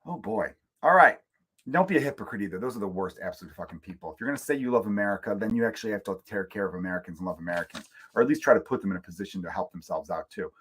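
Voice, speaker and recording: A man's voice: on the low side, lively intonation, racing, a bit bright, breathy edge. A middle-aged man hosting his own comedy podcast from home, rambling through opinions in a casual rant and swearing freely. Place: room at home.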